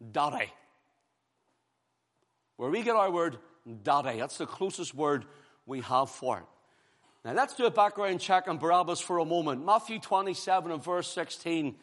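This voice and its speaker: A man preaching a sermon, emphatic, repeating phrases and building force. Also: sits high. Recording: long hall reverb.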